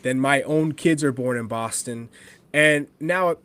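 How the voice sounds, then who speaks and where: Male podcast guest, mid-pitched, lively storyteller who laughs and acts out his own quotes. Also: a little slow, clear, resonant tone. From New Hampshire, USA. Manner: animated storyteller, laughs often, quotes himself. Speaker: guest, former pro soccer forward. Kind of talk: casual podcast chat, storytelling.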